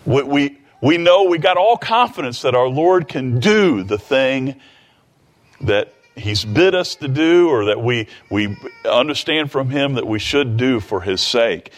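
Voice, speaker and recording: A male preacher delivering a sermon in a mid-range voice. He talks in a loose, conversational way, restarting phrases and tossing in quick asides as he retells the scripture. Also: mid-range voice, expressive.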